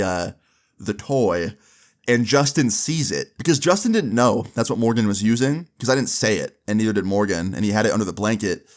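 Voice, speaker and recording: A young man casually telling a long story, rambling with many asides and swearing freely. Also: on the low side.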